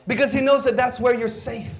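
A high-pitched Filipino man preaching with lively energy, slipping Cebuano words into his English. He keeps acting out quoted voices and swings between urgent pushes and hushed asides. His delivery is expressive and theatrical. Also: fairly quick. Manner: animated, acts out quoted voices, sudden drops to near-whisper. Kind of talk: sermon.

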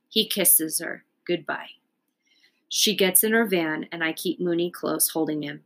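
A woman reading a children's book aloud in a calm, unhurried way. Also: on the low side. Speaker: storyteller.

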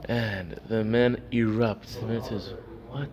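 A man with a lowish voice speaks slowly with fairly even intonation, and crowd noise can be heard. He teaches an informal Torah class, telling stories full of fillers and acting out their characters. The recording is dull and lo-fi, with faint noise.

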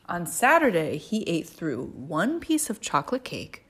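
A woman reading picture books aloud to a toddler in a playful, sing-song way, sometimes dropping to a hush. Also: lowish voice, very animated, unhurried, few pauses, slightly rough. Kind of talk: animated picture-book read-aloud.

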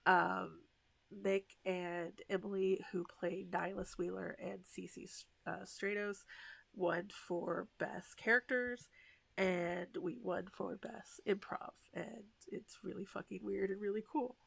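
A woman's voice: mid-range voice, fairly even intonation, takes it slowly, gravelly, slightly rough, no room sound. A woman co-hosting a podcast, chatting casually and animatedly, swearing now and then. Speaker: podcast co-host. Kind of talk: casual chat.

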